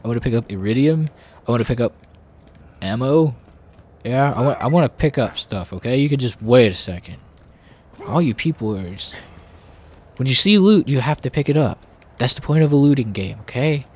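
A man's voice: mid-range voice, animated, fairly quick, dark tone, slightly rough. Grumbly man narrating his gameplay. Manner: grumbly, talks back to game characters. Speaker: gaming channel host. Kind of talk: casual gameplay commentary.

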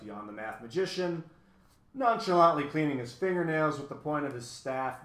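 A man's voice: fairly high pitch, sing-song, normal speed, sharp tone. A man reading a children's novel aloud, with casual asides to viewers, recorded in an echoey room. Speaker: reader.

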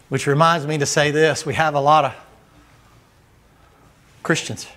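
A man's voice: on the high side, a bit bright. A man preaching a sermon in a folksy, storytelling manner. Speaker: guest preacher.

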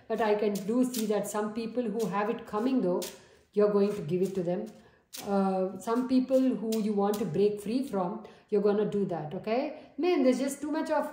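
A woman's voice: medium pitch, mellow, slight background noise. A woman giving a tarot reading, earnest and coaxing, often checking in with "okay?". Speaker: tarot reader. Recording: roomy echo.

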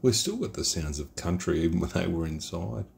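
A middle-aged man with an Australian accent, his voice very deep and gravelly. He rambles casually and drifts into reflection, cursing freely. Faint night noise sits behind him. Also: lively intonation, a little fast. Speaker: beer reviewer. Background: geckos and night ambience.

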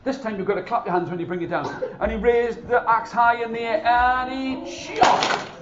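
A man telling a folk tale to children, dramatic and lively, often calling on the audience to join in. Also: very high voice, moderate pace, reverberant, dull audio, noisy background. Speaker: storyteller. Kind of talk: animated storytelling to children.

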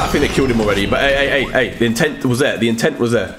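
A man giving excitable live commentary while streaming a game, often shouting and exclaiming. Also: medium pitch, racing, few pauses, over loud music. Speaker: gaming streamer.

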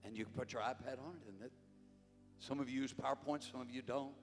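An older man preaching a sermon, fervent, rising to shouts and dropping low. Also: fairly even intonation, quick pace. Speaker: conference preacher. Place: church sanctuary. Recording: long hall reverb, faint music behind.

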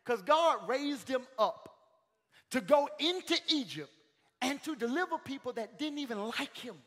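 A male pastor preaching a sermon in a church, calling out to the congregation, swinging from shouted peaks to sudden quiet lines. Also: extremely high pitch, lively intonation, measured pace. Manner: calls out to the congregation. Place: church sanctuary. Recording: long hall reverb.

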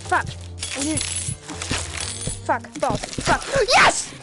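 High, lively woman streamer over music. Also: moderate pace. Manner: playful, whiny, swears a lot, laughs often. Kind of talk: casual gaming stream chat.

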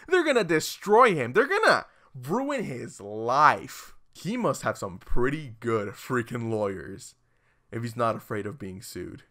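A man giving comedic video commentary, sarcastic and prone to loud outbursts. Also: on the high side.

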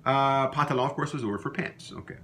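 Man teaching words slowly. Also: medium pitch, a bit bright, slight background noise. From Louisiana. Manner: repeats words slowly for learners to copy. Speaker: language teacher. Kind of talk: recorded language lesson.

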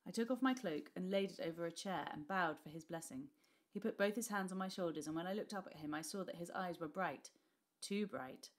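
A woman with a British accent reading a class novel aloud, expressive and dropping to whispers for tense dialogue. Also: lowish voice, fairly quick. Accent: British English. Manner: expressive, voices characters, drops to whispers. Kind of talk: storybook read-aloud.

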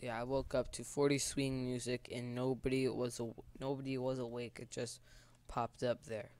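A man's voice: mid-range voice, flat delivery, normal speed, darkish tone. A man giving casual gameplay commentary in nervous, rambling remarks. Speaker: gamer.

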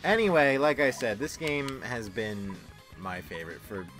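A man's voice: mid-range voice, moderate pace, over music. A young man giving casual, teasing commentary while playing a game he loves. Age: young adult. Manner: playful, teasing, enthusiastic. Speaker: let's play host.

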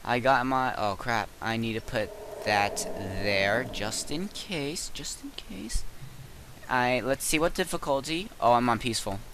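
A teenage boy giving casual gameplay commentary at his computer, cursing and yelling in sudden frustrated outbursts. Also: mid-range voice, unhurried, few pauses, a little hiss or hum, poor audio. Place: bedroom at a computer.

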